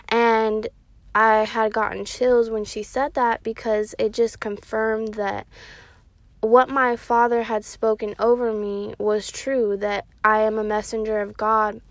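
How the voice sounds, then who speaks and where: A woman sharing a prophetic word on her podcast, speaking earnestly with many pauses and ums. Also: fairly high pitch, flat delivery, no room sound. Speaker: podcast minister. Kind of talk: prophetic devotional talk.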